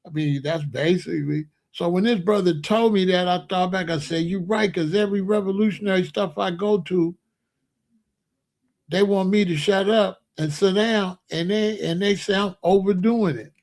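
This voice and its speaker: A man with a high, gravelly voice tells a long personal story to his channel. He rambles, circles back and hits his points with emphasis. The talk is loose and unscripted. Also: moderate pace, darkish tone. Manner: rambling, emphatic, breaks into laughs. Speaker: channel host. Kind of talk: casual storytelling monologue.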